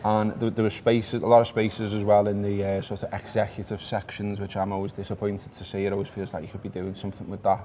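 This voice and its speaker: A man's voice: fairly low pitch, monotone, quick pace, few pauses, warm tone, a little hiss or hum. A man with a Liverpool accent, co-hosting a podcast and talking through a football match in a chatty, laid-back way. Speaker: podcast co-host. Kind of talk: casual football chat.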